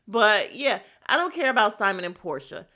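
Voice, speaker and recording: A woman hosts a podcast recapping a reality show, chatting casually in a mid-range voice with big pitch swings, a sharp tone and a moderate pace. Candid, gossipy and blunt, she swears freely, wanders into tangents and makes self-aware asides directly to her listeners.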